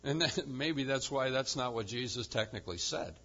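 A male pastor preaching a sermon with emphasis, swinging from loud proclamation to quiet intensity. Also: medium pitch, expressive, moderate pace, dull audio.

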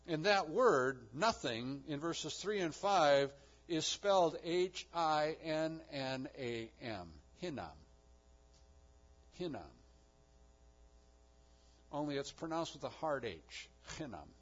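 A husky-voiced male pastor delivers a sermon with strong emphasis. He swings from loud, rising declarations to quiet, low-pitched lines. The recording sounds dull and muffled. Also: animated, takes it slowly.

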